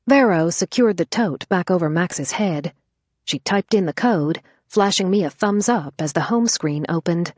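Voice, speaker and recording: A woman narrating an audiobook thriller in a brisk, lively storytelling manner. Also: on the low side, no room sound.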